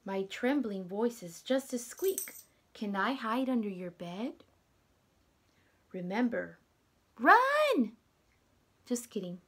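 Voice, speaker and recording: A young woman teacher reading a picture book aloud to children, gentle and dropping to whispers, asking them questions. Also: a little high, gravelly.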